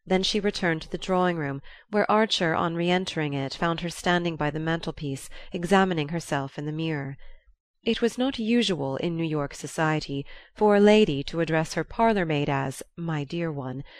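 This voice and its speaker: A woman with a lowish voice narrates a classic novel in measured, even scripted narration. The recording is dry and close. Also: no room sound. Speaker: audiobook narrator.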